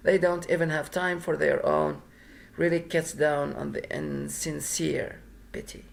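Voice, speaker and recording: A man's voice: fairly high pitch, steady tone, a little slow, gravelly. A man reading the lines of a blunt young woman with cancer, in a dry, sardonic way.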